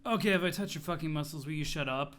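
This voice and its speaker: A weary, deadpan young man, as a male reader puts him on answers in short, low, flat refusals with no energy at all. His tone stays level and cold the whole way. It comes across as a storybook reading. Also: quick pace, natural voice.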